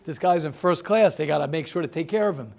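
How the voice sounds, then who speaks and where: Animated storytelling rabbi, man. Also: a little high, fast talker, creaky. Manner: animated storyteller who addresses listeners by name; repeats words for emphasis. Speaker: rabbi leading a seminar. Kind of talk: motivational group talk.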